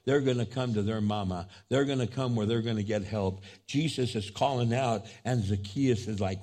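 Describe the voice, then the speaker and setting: A male pastor preaching a sermon to a church and online viewers, swinging between loud, high climaxes and low, quiet asides, and acting out quoted voices. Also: moderate pace, few pauses. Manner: preaching with big swings in pitch and loudness, voicing quoted speech.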